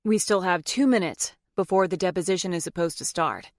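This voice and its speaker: A persistent, wry male lawyer, read by a woman in her own mid-range voice, calm and earnest with a teasing streak. The audiobook read is close and completely dry. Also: lowish voice, fairly quick, no room sound, natural voice. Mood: cool.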